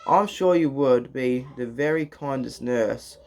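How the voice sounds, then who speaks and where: A protective mother koala from a children's storybook, fretful and anxious over her baby, read aloud by a man. She speaks slowly, her worry plain in every line. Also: mid-range voice, darkish tone, slight background noise, lightly acted.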